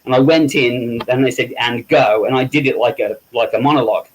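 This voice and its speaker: The speaker is a middle-aged English makeup effects artist guesting on a relaxed interview, captured in a rough recording. With a steady tone at medium pitch and a slightly fast pace, he spins anecdotes, mimics quoted voices, and laughs at himself.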